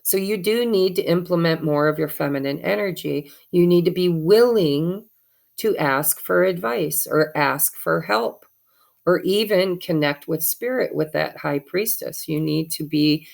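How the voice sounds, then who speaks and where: Gravelly low-voiced woman reading tarot. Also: measured pace. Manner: chatty, encouraging, spiritual. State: has the hiccups. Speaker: tarot reader.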